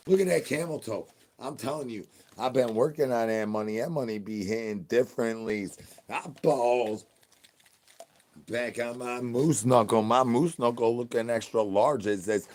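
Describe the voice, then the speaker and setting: A man streaming, talking in crude rambling nonsense with slangy asks to chat and sing-song chanted catchphrases. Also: lowish voice. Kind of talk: rambling comic livestream talk.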